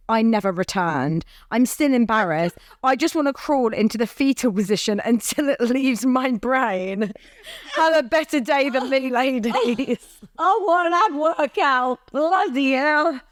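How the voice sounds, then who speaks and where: A woman's voice: on the high side, unhurried. A woman co-hosting a casual podcast, reading listener stories aloud and adding dry, wry asides. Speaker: podcast co-host.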